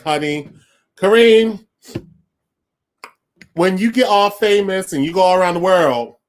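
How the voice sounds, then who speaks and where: Gushing, campy male livestream host. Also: fairly high pitch. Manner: effusive, gushing and campy, repeating phrases. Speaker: festival stream host. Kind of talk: casual livestream hosting.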